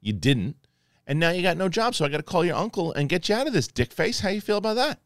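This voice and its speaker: A man puts on a bossy, scolding mother with a raspy smoker's voice and a brash Brooklyn-style twang. The voice sits far higher than his own and comes out loud and insulting. It is a comic impression of a nagging mom. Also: very animated, fast talker, dry recording, studio quality.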